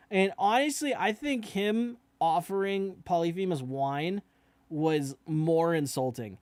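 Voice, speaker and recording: A man's voice: high-pitched, slow pace, a little mellow, no echo. Chatty young man reacting, dry close sound. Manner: chatty, repeats "you know what I mean"; swears casually. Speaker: reaction video host. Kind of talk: casual reaction commentary.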